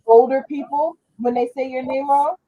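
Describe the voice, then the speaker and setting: A woman's voice: high-pitched, level tone, normal speed, mellow, low-quality recording. A woman talking on a panel show in casual conversation, trailing off and restarting now and then.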